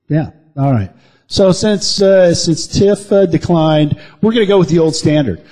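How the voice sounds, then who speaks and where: A man's voice: fairly high pitch, expressive, a little slow, dark tone. A man co-hosting a podcast in casual joking chat, playfully teasing and hamming up his game-show announcements. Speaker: podcast co-host.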